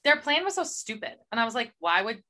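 Young female co-host, bright tone, sarcastic and exasperated. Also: a little high, sing-song, a little fast. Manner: exasperated, sarcastic commentary with mock dialogue. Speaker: podcast co-host. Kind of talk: casual chat about books.

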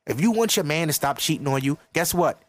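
A man's voice: fairly high pitch, animated, brisk, slight background noise. Profane man in his thirties ranting. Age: 30s. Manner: profane, emphatic, lecturing. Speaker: podcast host. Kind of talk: casual podcast rant.

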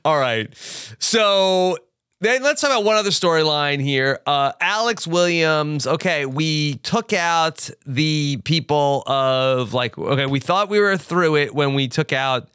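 A man's voice: a little high, animated, fairly bright tone, clear, resonant tone, dry recording, studio quality. A man hosting a casual TV recap podcast, joking and laughing as he recounts the plot with plenty of fillers. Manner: jokey, laughing, halting with fillers. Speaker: podcast host.

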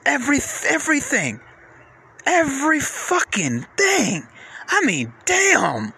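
Man ranting with wildly swinging pitch. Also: slow pace, gravelly. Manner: animated, profane, repetitive, with sudden pitch jumps. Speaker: podcast host. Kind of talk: casual rant.

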